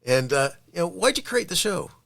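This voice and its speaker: A man hosting a podcast interview, friendly and quick with affirmations. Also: sits high, sing-song, creaky, a bit bright. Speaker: podcast host.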